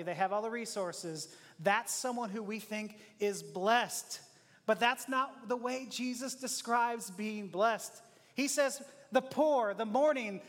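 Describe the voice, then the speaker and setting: A man with a very high voice preaches a sermon, and the sound rings with long reverb in a church hall. He talks conversationally and slips into short acted prayers and everyday exchanges, chuckling along the way. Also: a bit bright. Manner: conversational, acts out little prayers and dialogues, chuckles often.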